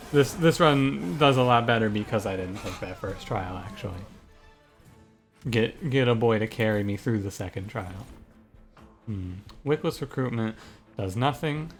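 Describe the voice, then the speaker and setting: This gaming streamer is a young man talking casually through a card game at an even pace, his voice sitting somewhat low with quiet music behind it. His thoughts come out loud and in fits and starts, often turning into frustrated ranting.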